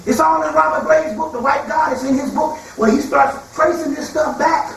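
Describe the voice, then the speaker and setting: A man's voice: extremely high pitch, fairly even intonation, moderate pace, fairly bright tone. Emphatic, profane man lecturing in a hall. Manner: profane, emphatic, mocking asides. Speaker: spiritual lecturer. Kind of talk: freewheeling lecture. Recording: echoey hall, far from mic.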